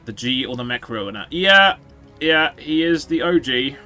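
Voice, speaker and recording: Male streamer, lively pitch and a bright, forward tone, dry sarcastic game commentary laced with swearing, faint music underneath. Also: measured pace. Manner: sarcastic, swearing, jokey asides to chat. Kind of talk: casual gameplay commentary.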